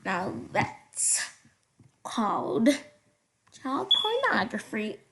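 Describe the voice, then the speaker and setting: A woman's voice: medium pitch, wildly swooping pitch, gravelly, background noise. A young woman casually reading funny stories aloud, stumbling over words and breaking off with giggly asides. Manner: halting read-aloud with slips and giggly asides.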